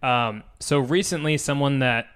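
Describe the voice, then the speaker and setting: A man's voice: medium pitch, a little slow, a bit bright, smooth. A man co-hosting a podcast, telling a story in a casual, self-mocking way with frequent laughs. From United States. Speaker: podcast co-host. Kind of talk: casual chat.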